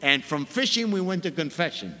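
A Catholic priest in his sixties giving a sermon, an expressive storyteller who stresses his points by repeating them. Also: on the high side, a little fast. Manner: animated, expressive storyteller with laughs and emphatic repetition. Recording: long reverb of a large hall.

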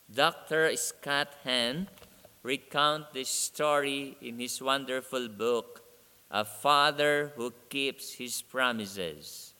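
A man preaching a sermon, telling a story slowly and deliberately. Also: medium pitch, pushed and bright, clean tone. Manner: slow, deliberate storytelling delivery. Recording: long reverb of a large hall.

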